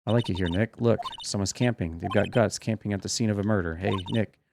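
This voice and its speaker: A man's voice: on the low side, quick pace, vocal fry, background noise. A man voicing an eager, chatty young woman sidekick, reading a game aloud. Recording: game music behind the voice.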